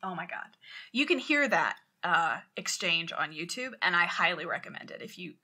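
A woman co-hosting a podcast, telling a story in casual chat, animated and swearing as she acts out quotes loudly. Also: lowish voice, normal speed. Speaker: podcast co-host.

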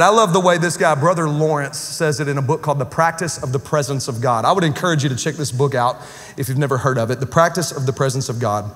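A man preaching a lively sermon to a church congregation, joking and conversational with casual slang. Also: mid-range voice, fast talker, long reverb tail. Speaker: pastor. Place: church sanctuary with live congregation.

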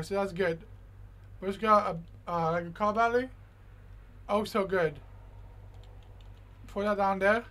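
A high-pitched young man giving casual gameplay commentary. He is excitable and fills his talk with "yo" and "bro." He repeats lines over and over and talks straight to the game character. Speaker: gaming YouTuber.

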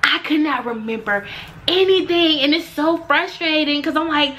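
Bright, animated young woman telling a story. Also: sits high, normal speed, a little hiss or hum. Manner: animated, acts out quotes. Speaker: vlogger. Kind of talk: storytime vlog.

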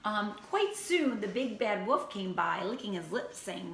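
Slow, bright-voiced woman teacher reading aloud. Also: mid-range voice. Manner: slow, expressive storybook reading. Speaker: first grade teacher. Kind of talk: reading a picture book aloud to children. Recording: roomy echo, faint ambient noise.

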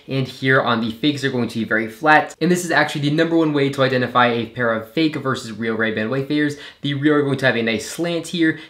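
A man giving a calm, methodical voice-over as he compares two products side by side. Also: mid-range voice. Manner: methodical, calm, repeats "going to be". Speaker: product reviewer. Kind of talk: unboxing voice-over. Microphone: shotgun mic.

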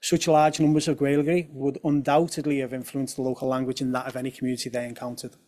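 Man giving a lively talk with asides. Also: mid-range voice, fast talker. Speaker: speaker at a talk on language. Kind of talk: presenting a talk.

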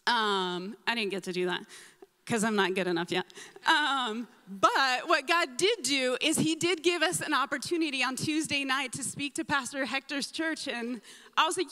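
A woman sharing a mission trip testimony with a church congregation, animated and acting out her own reactions as she tells it. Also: sits high, normal speed. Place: church sanctuary. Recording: long hall reverb in a church.

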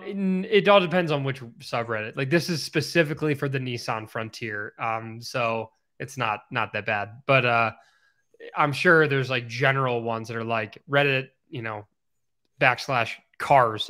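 A chatty male podcast co-host with a bright, forceful voice. He rambles through casual stories at an easy conversational pitch. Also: unhurried.

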